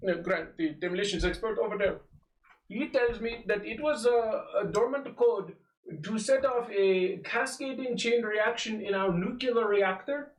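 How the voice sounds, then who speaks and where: A man's voice: high-pitched, a little slow, reverberant, recorded from a distance, low-quality recording. A man running a tabletop role-play, speaking formally in character with many stalling fillers. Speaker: game master voicing a character.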